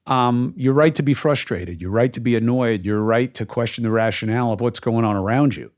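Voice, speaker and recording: A man with a low voice hosts a podcast in a casual, opinionated way. He talks emphatically and often pauses on ums and uhs. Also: a little mellow. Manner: emphatic, frequent fillers. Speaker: podcast host.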